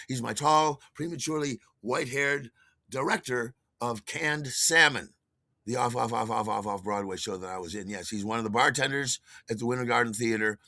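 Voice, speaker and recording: An older man spins a casual, rambling story as a podcast host, stopping to restart his sentences and chuckling at himself. His voice is bright and tense, recorded close and dry with no room sound. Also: no room sound. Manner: animated, acts out quotes in a higher voice.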